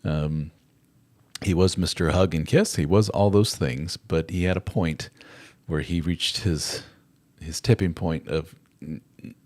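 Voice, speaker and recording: A middle-aged man with a very low, deep voice hosts a live chat. He rambles conversationally and drifts easily into acted-out quotes. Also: fairly even intonation, unhurried, darkish tone. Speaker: host. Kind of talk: live chat advice talk.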